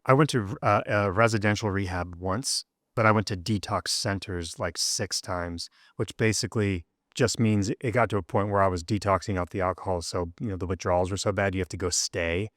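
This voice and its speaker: A man's voice: brisk, hardly any pauses, fairly bright tone, no echo, studio quality. A man, a rock drummer as guest, telling his story candidly and with emotion, acting out the people he quotes. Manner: emotional, acts out quoted dialogue with rising pitch.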